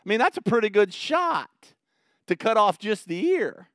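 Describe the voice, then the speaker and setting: Guy preaching a sermon, smooth clear voice, dry sound, gets dramatic telling the story. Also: sits high, moderate pace, no echo. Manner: animated, dramatic retelling with rising emphasis. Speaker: pastor. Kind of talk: expository sermon.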